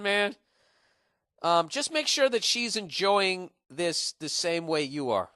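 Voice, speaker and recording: A man in his forties hosts a podcast, ranting blunt, profane advice with lots of restarts. His voice is bright and a little high, with a sharp edge. The room sound is dry and close. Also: expressive, slow pace, no room sound. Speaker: podcast host. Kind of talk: casual comedic advice rant.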